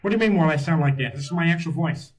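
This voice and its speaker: Brash, foul-mouthed cartoon father done by a man as an impression, voice pitched a little high. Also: lively intonation, rapid-fire. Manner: brash, profane, jokey. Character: male cartoon dad, loud and crude. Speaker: online video chat prankster. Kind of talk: voice impression on video chat.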